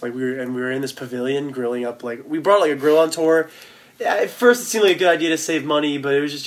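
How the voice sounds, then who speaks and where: A man in his twenties, a band member, telling tour stories in a rambling, casual way, full of slang and restarts. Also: mid-range voice. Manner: rambling, lots of fillers and restarts, loose slang. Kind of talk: casual storytelling chat.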